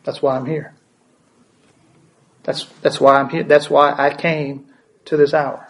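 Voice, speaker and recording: A man's voice: fairly high pitch, little pitch movement, a little slow, fairly bright tone, rough recording. Man preaching a sermon. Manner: asks the congregation questions, repeats words for emphasis. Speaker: pastor.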